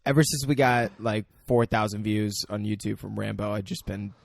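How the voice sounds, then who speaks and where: A man's voice: on the low side, level tone, moderate pace, vocal fry, dry recording. Laid-back, dry-humored young man. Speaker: podcast co-host. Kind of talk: casual podcast banter.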